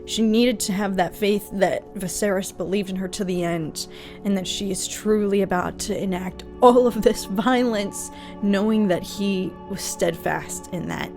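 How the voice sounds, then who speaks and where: A woman's voice: mid-range voice, measured pace, darkish tone, soft background music. A woman giving casual reaction commentary to a TV episode, emotional and talking straight to her viewers. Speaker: TV reaction vlogger.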